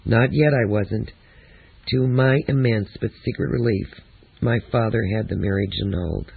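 A man narrating a first-person memoir in a steady, reflective reading. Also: fairly low pitch, gravelly, slightly rough, no echo. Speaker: audiobook narrator. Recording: tinny, lo-fi phone-like audio.

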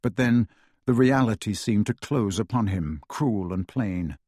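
Expressive male audiobook narrator, husky voice, dry close recording; lively storytelling delivery. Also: on the low side, measured pace, no echo. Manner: dramatic, varied pacing.

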